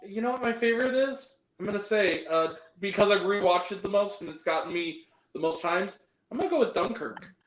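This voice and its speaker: A man hosting a live stream, chatting casually and a little tired, animated and given to laughing and acting out lines. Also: sits high, brisk, roomy sound, poor audio. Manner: animated, laughing, acts out film quotes. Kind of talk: casual chat.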